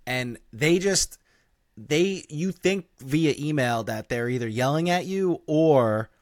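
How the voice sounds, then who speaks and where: A man's voice: a little high, lively intonation, slow, no room sound, studio quality. A man hosting a podcast in casual chat, laid-back and agreeable, often repeating his points. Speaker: podcast host.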